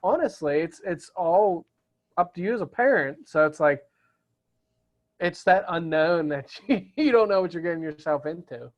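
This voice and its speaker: A man's voice: a little high, expressive, moderate pace, muffled recording. A young adult man chatting casually as a podcast guest, often restarting and repeating words. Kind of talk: casual chat.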